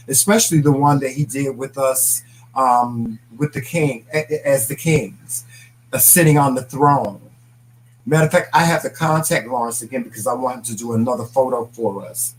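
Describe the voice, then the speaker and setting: A man's voice: medium pitch, a little hiss or hum, rough recording. A man co-hosting a casual live-stream talk show, reading comments and laughing as he talks. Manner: animated, laughing, reads viewer comments aloud.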